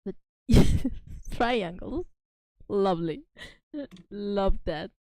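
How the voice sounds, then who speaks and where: This woman, Spanish being her first language, livestreams from home as a VTuber, chatting casually with excited giggles and many apologies. Her medium-pitched voice moves very slowly, and there's no echo.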